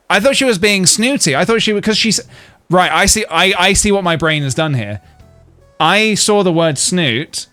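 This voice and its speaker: A man's voice: on the high side, pushed and bright. A man chatting casually while streaming a game, rambling and laughing often. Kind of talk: casual gameplay commentary. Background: faint game music.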